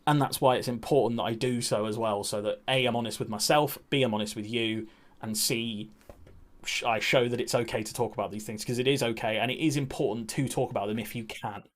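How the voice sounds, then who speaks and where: A man talking candidly on a livestream, nervous and a little breathless, halting with restarts and frequent ums. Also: mid-range voice, fairly even intonation. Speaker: streamer.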